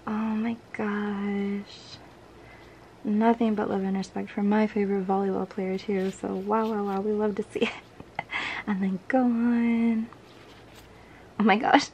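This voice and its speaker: A young woman chatting casually as she unboxes merchandise, gushing with breathy exclamations that often drop to a whisper. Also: medium pitch, fairly even intonation, takes it slowly, long pauses, darkish tone, slight background noise. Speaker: unboxing vlogger.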